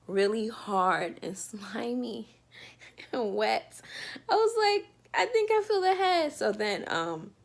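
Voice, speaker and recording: A woman's voice: mid-range voice, gravelly, fairly bright tone. A woman telling a personal story in a casual storytime vlog from her bedroom, talking loosely with lots of fillers. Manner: chatty, loose, with many fillers. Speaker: vlogger telling a birth story.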